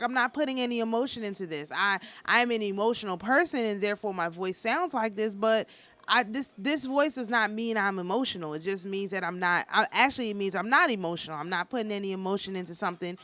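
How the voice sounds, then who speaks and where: A woman giving a casual spiritual talk as a teacher, speaking in a calm, nonchalant, matter-of-fact way with a passionate undertone and frequent restarts. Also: medium pitch. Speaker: spiritual teacher and tarot reader.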